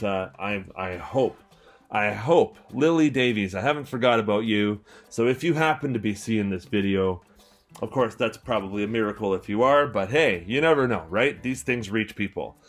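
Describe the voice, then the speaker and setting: A young Canadian man in his twenties, a record store owner chatting casually and enthusiastically about a favorite album, rambling with lots of fillers and restarts. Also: on the low side. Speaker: record collector and store owner, channel host. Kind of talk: casual album-review chat to camera.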